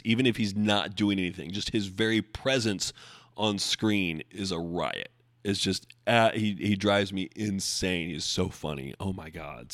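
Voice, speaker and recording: Chatty low-voiced male podcast host. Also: fairly bright tone, dry recording, studio quality. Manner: chatty, rambling with many fillers. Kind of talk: solo podcast monologue.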